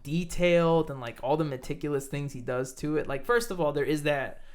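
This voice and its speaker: A man's voice: a little high, brisk. A man co-hosting a podcast, chatting casually and rambling with lots of fillers and swearing. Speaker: podcast co-host; teacher. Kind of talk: casual chat.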